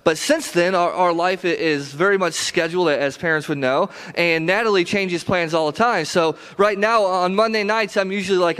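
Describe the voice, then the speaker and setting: A man's voice: high-pitched, brisk, hardly any pauses, a bit bright, clear, resonant tone. A man in his thirties, a pastor preaching an earnest, conversational sermon in a church. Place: church sanctuary.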